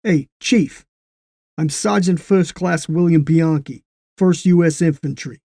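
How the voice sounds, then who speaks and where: A man's voice: on the high side, a little slow, dark tone, no room sound, studio quality, pitched above the performer's own voice. A man voicing an impatient American army sergeant, brash and pushy, with a Brooklyn accent. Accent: Brooklyn, New York.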